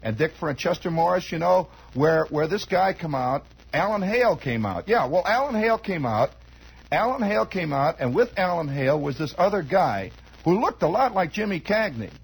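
A man with a high, strikingly husky voice tells a rambling comic story. He drifts into asides and starts sentences over, keeping a chatty, conversational flow. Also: sing-song, normal speed, low-quality recording. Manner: digressive, chatty, many asides and restarts.

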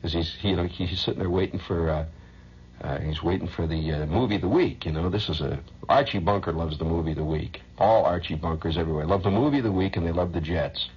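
A man's voice: low-pitched, fast talker, darkish tone, highs cut off, a little hiss or hum. A man hosting a radio show, rambling through a loose monologue, chuckling often and humming nonsense syllables. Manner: rambling, chuckling, hums sing-song nonsense. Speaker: radio host.

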